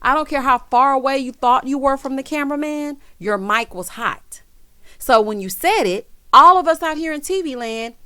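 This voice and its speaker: A woman's voice: a little high, bright, forceful tone, dry recording. A woman giving a gossipy recap of a reality TV episode, sassy and dramatic, calling viewers "honey" and "child". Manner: dramatic, teasing emphasis.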